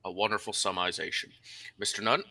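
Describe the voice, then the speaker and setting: A man's voice: lowish voice, steady tone, fairly quick, bright, forceful tone. A man running a tabletop wargame as game master, narrating in a theatrical, announcer-like way.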